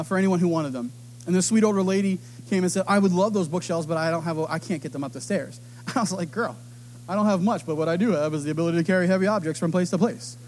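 A middle-aged pastor with a high voice preaches a sermon, telling stories with animated delivery. He acts out the voices of other people as he goes.

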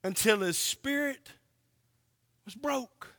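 A man's voice: extremely high pitch, slow, a bit bright, in a large hall. A man from Oklahoma preaching a sermon, emphatic and drawn out, asking the congregation rhetorical questions.

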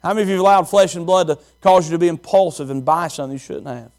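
A man's voice: on the high side, rapid-fire, darkish tone. A man preaching a sermon as pastor, repeating phrases and asking the congregation questions.

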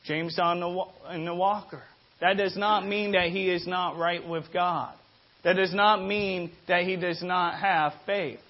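A man with a fairly high voice preaches and tells a story, full of energy. He often stops and starts again, repeating words as he goes. The recording sounds dull and lo-fi. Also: a little slow. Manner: animated storyteller, frequent restarts and repeated words. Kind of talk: sermon with storytelling.

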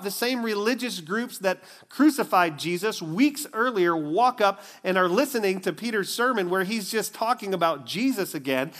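Brief: animated male preacher, fairly high voice, storytelling sermon. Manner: animated storytelling, acts out the scenes. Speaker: pastor.

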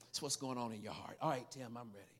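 A preacher in their forties giving a sermon, repeating words and building from quiet talk to shouting hoops. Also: mid-range voice, quick pace, breathy edge. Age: 40s. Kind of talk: sermon with hooping.

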